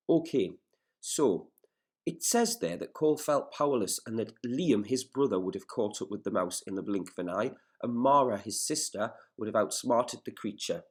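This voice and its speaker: A man's voice: lowish voice, darkish tone, breathy edge. Patient male teacher explaining a story. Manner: patient, explains words step by step; careful, measured classroom delivery. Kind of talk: recorded remote lesson, reading a story aloud and explaining.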